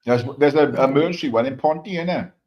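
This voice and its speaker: A man's voice: mid-range voice, quick pace. Blunt man, dull lo-fi sound. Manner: blunt, matter-of-fact advice. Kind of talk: casual chat.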